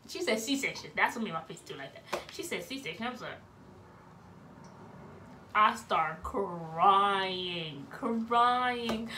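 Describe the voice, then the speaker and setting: A woman's voice: a little high, measured pace, distant mic, slight background noise. A young woman, telling a story casually as a vlogger and acting out the voices of the people in it. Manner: animated, acts out voices of relatives and nurses.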